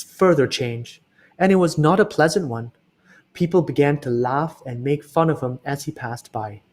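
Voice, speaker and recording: A man reading a children's book aloud in an expressive way, slowing down for emphasis. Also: medium pitch. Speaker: reader.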